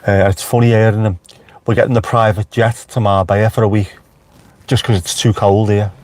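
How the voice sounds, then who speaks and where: A man's voice: lowish voice, flat delivery, a little fast, a little mellow. A man with a Liverpool accent, chatting casually on a live stream from inside his car with wry asides to viewers. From Merseyside, England. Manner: chatty, wry, talks back to live chat.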